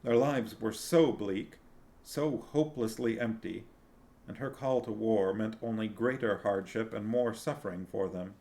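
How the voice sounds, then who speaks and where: A man's voice: on the low side, measured pace, gravelly, warm tone. A man narrating a fantasy novel aloud. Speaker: streamer reading a book.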